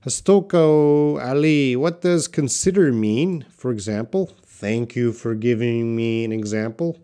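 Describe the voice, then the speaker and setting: A man runs a live English class, speaking at a very slow, deliberate pace. He drills pronunciation by repeating single words several times. Between drills he answers viewers by name. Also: medium pitch, dark tone. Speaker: English teacher. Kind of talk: live online English lesson.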